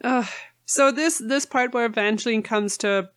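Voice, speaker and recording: A woman with a fairly high voice retells a book's plot in a casual chat. She laughs often as she talks. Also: normal speed. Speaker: podcast co-host. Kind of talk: casual chat about a book.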